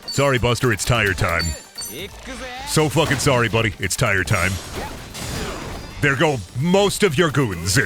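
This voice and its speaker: Man, game streamer, profane, joking, lively pitch, loud music behind. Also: a little slow, long pauses. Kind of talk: casual gameplay commentary.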